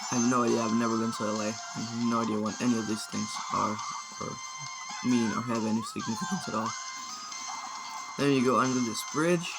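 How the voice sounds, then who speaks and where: A man's voice: mid-range voice, steady tone, a little fast, vocal fry, rough recording. A man giving casual, rambling commentary over gameplay, often unsure and sometimes mock-outraged. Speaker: gaming video creator. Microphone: phone. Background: video game music.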